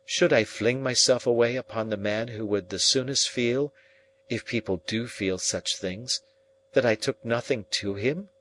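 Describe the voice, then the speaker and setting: A man's voice: medium pitch, unhurried, a bit bright, close to an everyday voice, low-quality recording. A man reading the part of a cold, proud young woman who speaks with cool contempt, in a storybook reading. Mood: firm.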